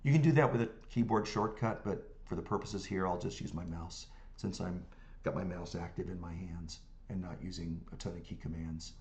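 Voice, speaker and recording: A man teaching music notation software step by step, humming rhythms as syllables and checking in with the viewer as he works. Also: sits low, moderate pace. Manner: talks through clicks step by step, hums rhythms as syllables. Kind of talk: screen-recorded software tutorial.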